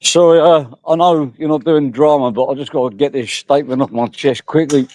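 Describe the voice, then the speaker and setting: A man's voice: on the high side, fairly quick, darkish tone, dry recording. A man chatting casually in a blunt, joking way. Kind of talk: casual chat.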